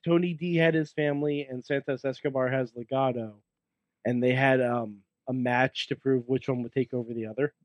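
A man co-hosting a casual wrestling podcast, joking and teasing in quick banter. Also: mid-range voice, steady tone, dry recording, muffled recording. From Italian heritage. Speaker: podcast co-host.

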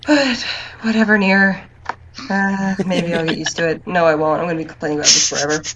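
A woman's voice: fairly low pitch, steady tone, a little fast, a loud crowd. A young woman co-hosting a casual podcast, grumbling with self-mocking humor about saving in video games. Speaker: podcast co-host. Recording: dull lo-fi mic with faint noise.

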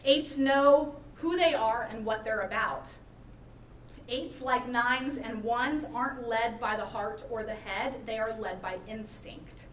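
A woman pastor preaching a sermon in a church, with lively, dramatic storytelling. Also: fairly high pitch, slow, roomy sound, far from the mic, slight background noise, low-quality recording. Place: church sanctuary.

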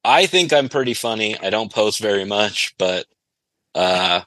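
A man guesting on a podcast in casual chat, easygoing and halting, often restarting his sentences. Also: on the low side, lively intonation, sharp tone, no room sound.

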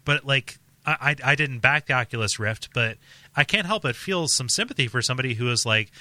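A man's voice: mid-range voice, lively intonation, fairly quick, pushed and bright, no echo. A man hosting a podcast in casual chat, rambling and packing his talk with "like" and restarts. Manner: rambling, filler-heavy, heavy use of "like". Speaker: podcast host.

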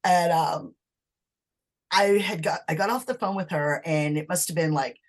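A woman guest in an interview, telling a personal story in a conversational, animated way. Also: moderate pace. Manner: animated, acts out quoted talk with sudden high pitch and laughs. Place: lived in Massachusetts.

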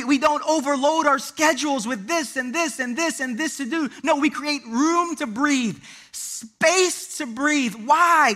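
A man's voice: extremely high pitch, pushed and bright. A man preaching a sermon as lead pastor, building points through emphatic repetition and slipping into a chatty storytelling tone.

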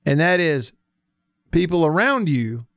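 Southern male sports radio host, folksy, slightly high voice, dry studio sound. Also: very animated, measured pace, fairly bright tone, no room sound. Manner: chatty, folksy, reads listener texts aloud. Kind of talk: casual sports talk radio. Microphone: studio mic.

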